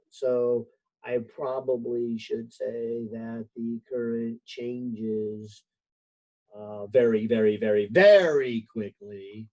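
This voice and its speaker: A man's voice: mid-range voice, darkish tone, poor audio. A man teaching a physics help session over a video call, thinking aloud with lots of fillers and a few light jokes. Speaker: physics instructor. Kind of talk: online class help session.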